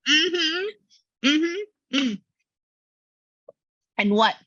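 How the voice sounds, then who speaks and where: Bright, chatty woman medium. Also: sits high, extremely slow, no room sound, lo-fi sound. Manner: chatty, animated, relays a spirit's words in quotes. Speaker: spiritual medium. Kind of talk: casual reading session with a client.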